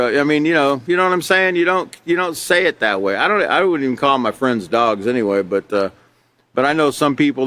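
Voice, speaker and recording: Man, from Alaska, teacher, mid-range voice, relaxed, conversational, frequent fillers. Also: mid-range voice. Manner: relaxed and conversational, many fillers, laughs between points. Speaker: character education teacher. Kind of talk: live online class, reading and explaining a textbook.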